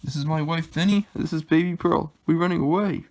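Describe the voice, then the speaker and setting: A man voicing a grown man fleeing slavery, wary but gentle, in a storybook read-aloud, with a deep, drawling voice. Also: a little fast, creaky.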